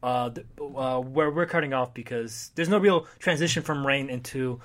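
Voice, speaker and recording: A man's voice: medium pitch, normal speed, fairly bright tone. A man in casual chat recapping a comic, rambling, swearing, and briefly acting out the characters. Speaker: podcast co-host recapping comics.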